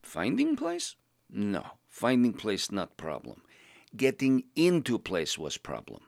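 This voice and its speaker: A man's voice: on the low side, wildly swooping pitch, slow pace, creaky, a little mellow, no room sound, clean studio sound, full character voice. A man voicing a blunt foreign male adventurer who drops his articles and speaks broken English. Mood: puzzled. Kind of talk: podcast role-play.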